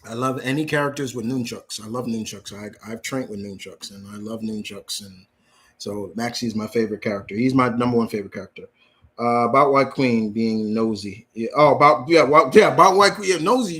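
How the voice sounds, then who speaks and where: A man's voice: mid-range voice, moderate pace, fairly bright tone. Man in a plain middle voice, reads viewer questions and answers bluntly; casual live-stream host. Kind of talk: live Q&A chat.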